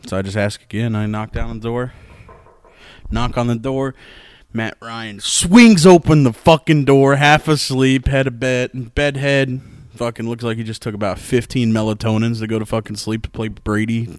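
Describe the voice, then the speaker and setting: Young dude rambling on a sports podcast, swears a lot, dry close sound. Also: male voice, lowish voice, steady tone, normal speed, dry recording. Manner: loose, profane, storytelling, laughs often. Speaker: podcast host. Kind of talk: casual sports podcast chat.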